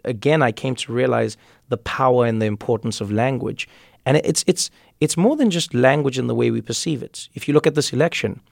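A man's voice: medium pitch, creaky, no room sound, clean studio sound. A man from Africa, speaking thoughtfully as an interview guest and repeating words as he builds a point. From South Africa. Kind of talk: conversational interview.

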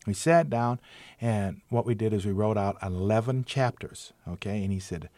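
Older man spinning lively umpire yarns. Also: normal speed, dry recording. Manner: animated, acts out quoted voices with big pitch jumps; self-mocking, punchline-driven humor. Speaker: retired baseball umpire telling stories. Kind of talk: anecdotal storytelling in an interview.

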